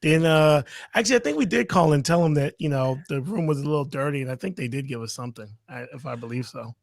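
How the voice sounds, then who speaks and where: A man's voice: a little high, fast talker, gravelly, no room sound, studio quality. A man on a podcast casually telling a hotel story of his own, with laughing asides. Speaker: podcast co-host.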